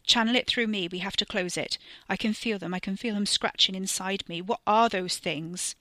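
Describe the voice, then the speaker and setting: A terrified woman who is no longer quite human, read by a female narrator, pleading urgently in a bright, clipped voice. She sounds close and dry, a horror storybook figure on the edge of panic. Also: medium pitch, normal speed, no echo, lightly acted. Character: frightened woman who is an otherworldly avatar.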